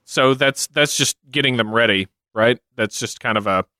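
Bright-voiced bantering male co-host. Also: medium pitch, no echo, studio quality. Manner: quick laughing banter. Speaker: podcast co-host. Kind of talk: casual comedic chat.

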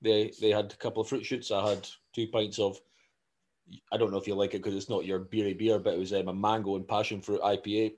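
A Scottish man in his thirties, co-hosting a podcast as a casual chat, telling animated stories with frequent laughing and swearing. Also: on the low side, fast talker, slight background noise. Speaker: podcast co-host.

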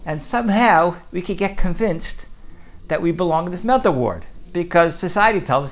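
A man's voice: high voice, moderate pace. A man teaching a Torah class, telling a story and pressing points with frequent "right?". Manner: animated, rising with emphasis, frequent "right?".

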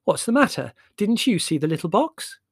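A tactless, indignant young woman in a storybook, put on by a man narrator with a clear, penetrating voice pitched up. She speaks bluntly and triumphantly. The sound is dry. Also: big pitch swings, normal speed, dry recording, full character voice.

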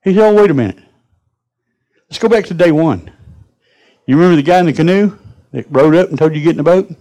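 A man's voice: fairly high pitch, expressive, fast talker, dark tone, voice pushed up, natural voice, poor audio. A man voicing God scolding a stubborn woman in a sermon story. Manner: reproachful, lecturing. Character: God, patient but scolding, exasperated.

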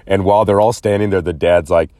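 Low-voiced sarcastic man ranting. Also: steady tone, fast talker, mellow, dry recording, studio quality. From Los Angeles area. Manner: sarcastic, rambling, mocking imitations. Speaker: podcast host. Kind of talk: casual solo commentary.

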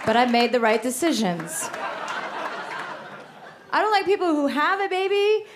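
A woman's voice: high-pitched, big pitch swings, a little slow, crowd noise, background noise. A woman performing a stand-up comedy set, with brash, sarcastic, profane ranting. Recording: live club set with audience. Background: audience laughter.

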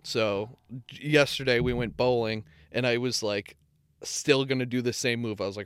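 Young male podcast co-host, smooth and clear in a dry room, rambling and self-correcting, swears freely. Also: medium pitch, fairly even intonation, normal speed, a bit bright, no room sound, faint music behind. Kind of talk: casual chat.

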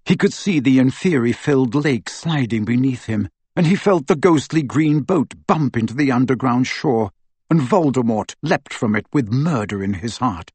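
Breathy male audiobook narrator. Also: medium pitch, lively intonation, moderate pace, a little mellow, no echo. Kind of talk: scripted narration.

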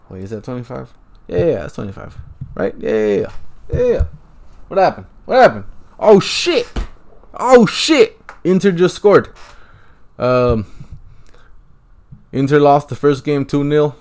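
A podcast host casually commentates a football match as he watches, swearing often and swinging between laid-back talk and excited, profane outbursts into a handheld mic. His voice is mid-range, clear and resonant.

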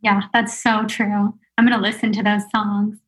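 A woman's voice: mid-range voice, flat delivery, moderate pace, fairly bright tone. A woman hosting a podcast, chatting casually and affectionately with her guest. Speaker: podcast host. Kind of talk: casual interview chat.

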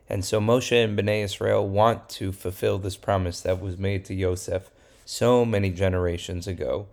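Man, rabbi storyteller, lowish voice, playful kids' Bible story telling. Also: normal speed, vocal fry. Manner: lively storyteller, plays characters in quotes. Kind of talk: retelling a Bible story for kids.

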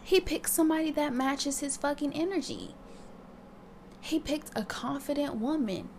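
A woman's voice: high-pitched, normal speed, darkish tone, slight background noise. A young woman hosting her own podcast, talking candidly in a casual monologue and swearing freely. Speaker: podcast host.

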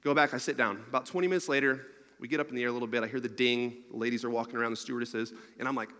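A man races through a funny, wandering personal anecdote in his sermon, laughing at his own story in an animated way. His voice is mid-range, and a large hall's long reverb surrounds it.

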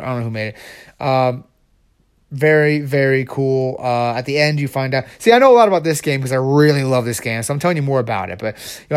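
A young man in a casual vlog, excitedly rambling about video games, with many restarts and fillers. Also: medium pitch, smooth. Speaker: video creator.

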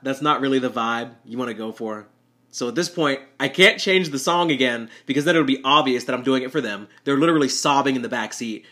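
A man's voice: medium pitch, fairly bright tone. A young man, a rideshare driver, telling a rambling, self-deprecating story with nervous laughs. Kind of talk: storytelling monologue.

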